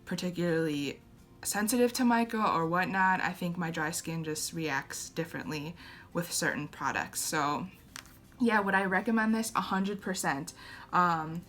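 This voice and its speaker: A woman's voice: lowish voice, normal speed, a bit bright, faint music behind. Chatty young woman reviewing makeup. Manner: chatty, hesitant, many fillers and restarts. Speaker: beauty vlogger. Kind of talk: casual product review.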